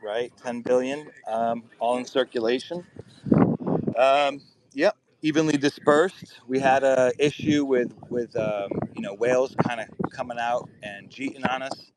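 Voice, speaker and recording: A man's voice: mid-range voice, fairly even intonation, unhurried, heavy background noise. Laid-back man calling in from a boat. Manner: laid-back, with many ums. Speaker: guest community member. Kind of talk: casual chat. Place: on a boat outdoors.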